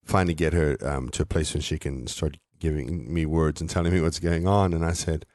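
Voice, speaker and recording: Soft-spoken father with a very deep voice. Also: steady tone, fairly quick, dry recording, clean studio sound. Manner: soft-spoken storytelling, hesitant fillers. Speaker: co-host. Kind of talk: casual podcast chat.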